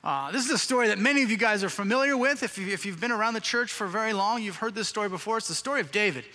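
A man's voice: high-pitched, very fast, pushed and bright. A male pastor preaching a sermon, telling a scripture story in a casual, slangy way. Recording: reverberant hall.

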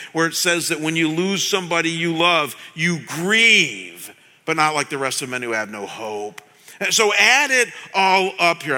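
Emphatic high bright-voiced male pastor. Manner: emphatic, repeats key words, addresses congregation directly. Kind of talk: sermon. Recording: reverberant hall.

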